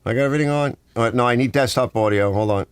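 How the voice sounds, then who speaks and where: A man's voice: mid-range voice, fast, clean tone, dry recording. A man hosting a casual garage livestream, rambling through stories and mimicking other people's lines. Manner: rambling, animated storytelling with mimicked dialogue. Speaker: garage channel host. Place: home garage workshop.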